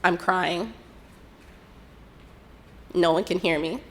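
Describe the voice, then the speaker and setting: A young woman telling a personal story in an unhurried, reflective way, acting out what others said. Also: fairly low pitch, a bit bright. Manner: unhurried, reflective retelling with quoted dialogue.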